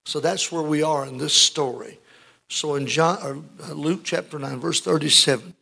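An older man preaching a sermon as pastor, swinging between booming lines and hushed ones. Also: normal speed, gravelly.

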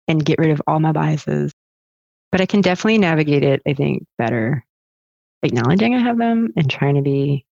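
A middle-aged woman guest on an interview show, chatty and animated, telling stories about chainsaw training and laughing often. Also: sits low, creaky, dry recording. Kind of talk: casual storytelling interview. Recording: dull lo-fi dry sound.

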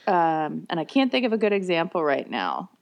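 A woman in her forties co-hosting a casual chat, telling animated stories and laughing often. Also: fairly low pitch, normal speed, gravelly, highs cut off. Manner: laughs often, animated storytelling with sung bits. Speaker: podcast co-host.

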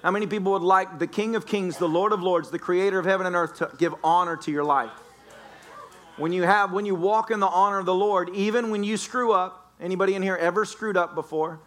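High bright-voiced pastor preaching. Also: male voice, fairly quick. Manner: joking, playful storytelling with the congregation. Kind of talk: sermon. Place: church sanctuary.

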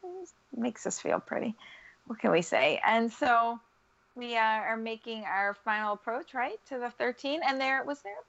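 A woman's voice: normal speed, creaky. A woman co-hosting a podcast in casual chat, acting out quotes with big swings in her voice. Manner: animated, acts out quotes with big pitch jumps. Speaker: podcast co-host. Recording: dull lo-fi recording.

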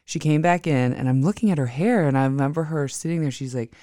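Smooth-voiced chatty podcast host. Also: mid-range voice, quick pace, dry recording, clean studio sound. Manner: chatty, animated, acts out quoted dialogue. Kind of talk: casual storytelling.

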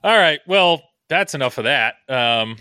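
A man's voice: fairly high pitch, animated, unhurried, sharp tone, smooth, no room sound, studio quality. A man hosting a podcast in casual chat, rambling and joking at his own expense. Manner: rambling, joking, self-deprecating. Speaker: podcast host.

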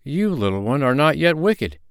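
A man's voice: fairly high pitch, big pitch swings, moderate pace, clean tone, dry recording, clean studio sound, voice pushed up. A man playing an earnest, grieving peasant father. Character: humble, brave peasant father mourning his child.

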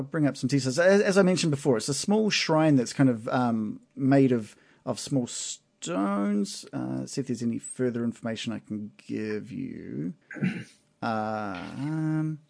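A man running a tabletop game as game master, narrating in a halting way with many pauses, then speeding up. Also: mid-range voice, creaky, a little mellow. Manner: halting, many fillers and restarts, then quick bursts.

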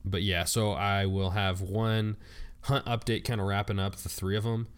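A man co-hosting a casual podcast, talking about his videos in a relaxed, hesitant way. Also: lowish voice, moderate pace, smooth. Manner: relaxed, hesitant with many ums. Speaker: podcast co-host, video maker. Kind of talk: casual chat.

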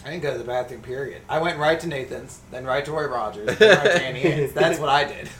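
A man's voice: medium pitch, quick pace, a crowd in the background. A man in casual podcast chat, telling stories about himself with a self-deprecating touch. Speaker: podcast co-host. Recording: echoey room with faint hiss.

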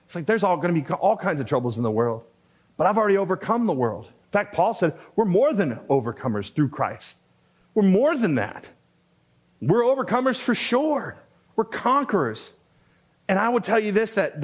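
A man preaching as a pastor, talking conversationally with asides and with repetition for emphasis. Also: fairly high pitch. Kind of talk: sermon.

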